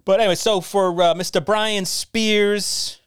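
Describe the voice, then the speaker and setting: Rambling, self-deprecating middle-aged host. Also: male voice, high-pitched, fairly even intonation, unhurried, clean tone, no room sound, clean studio sound. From New York area. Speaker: podcast host. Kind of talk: casual podcast talk.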